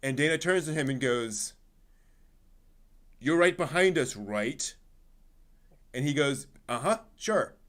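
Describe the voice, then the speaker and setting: A man hosting a casual anime discussion podcast, retelling a scene with lots of fillers and acting out the characters' lines. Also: medium pitch. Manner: animated storyteller, acts out quotes. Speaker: podcast host.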